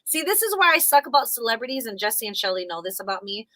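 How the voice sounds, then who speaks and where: Woman, thirties, casual storytelling, lively quoted voices, bright tone, dry close sound. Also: on the high side, quick pace, no echo, poor audio. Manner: animated, acts out quotes in other voices. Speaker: co-host.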